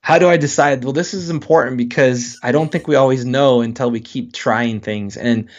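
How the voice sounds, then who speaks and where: A man's voice: medium pitch, moderate pace, muffled recording. A man, a guest author, speaking in a casual interview and acting out quoted voices as he talks. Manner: animated, acts out quoted voices.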